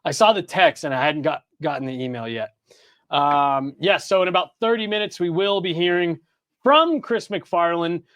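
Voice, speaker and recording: High-voiced man talking hockey, dry sound. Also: normal speed, no room sound. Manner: rambling, animated, many fillers and restarts. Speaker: podcast co-host. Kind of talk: casual hockey podcast chat.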